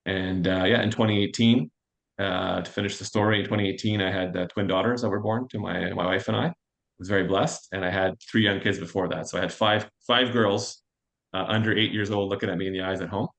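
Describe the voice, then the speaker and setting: A man in his forties, a fund manager guest, telling his career story in an interview with a quick, self-assured manner. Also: low voice, fairly even intonation, vocal fry, fairly bright tone. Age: 40s. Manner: fast, anecdotal and self-assured.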